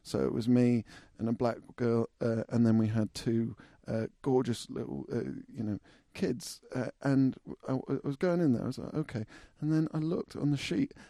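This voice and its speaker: A man with an ordinary mid-range voice jokes in a dry, deadpan way. He swears casually as he talks. The recording is close and dry. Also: medium pitch, moderate pace, creaky, few pauses, no room sound. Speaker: podcast co-host. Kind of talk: casual chat.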